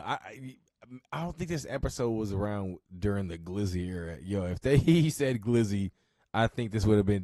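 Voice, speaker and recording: Podcast host: low-voiced man, relaxed and profane, chuckling through his reactions, dry sound. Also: no echo. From Southern California. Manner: laid-back, profane, laughs a lot. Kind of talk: casual reaction commentary.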